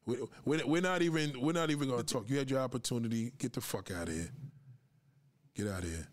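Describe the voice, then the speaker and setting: A man's voice: medium pitch, quick pace. A man hosting a live podcast, lecturing his listeners in a confrontational, profane rant and daring them to push back. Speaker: podcast host.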